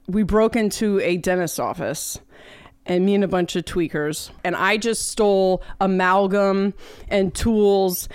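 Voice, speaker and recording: A woman guest on a podcast, telling her story in a matter-of-fact, unhurried way. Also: mid-range voice, steady tone, a little mellow, clean tone, no echo. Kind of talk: casual storytelling.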